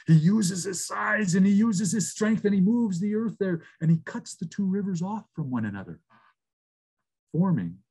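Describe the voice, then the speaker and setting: A man from Canada telling a traditional story over a video call, rhythmic with repeated phrases and slow pauses. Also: mid-range voice, dark tone, breathy edge.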